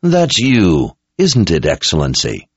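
A man's voice: low-pitched, wildly swooping pitch, slow, breathy edge, dry recording, full character voice. A man voicing a haughty, arrogant male sorcerer who drawls his words. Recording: dull lo-fi recording.

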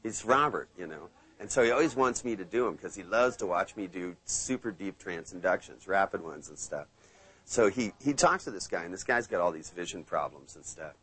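A man running a live hypnosis seminar, playful and storytelling, sinking into a slow hypnotic tone when he demos trance suggestions. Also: low voice, expressive, fairly bright tone, husky, poor audio. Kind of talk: live seminar teaching with anecdotes. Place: seminar room with live audience.

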